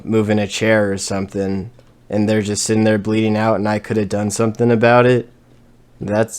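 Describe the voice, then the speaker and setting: A young man speaks in a low, level voice with hardly any rise or fall. He sounds anxious but keeps a steady, measured delivery through a casual chat. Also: smooth. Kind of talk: casual conversation.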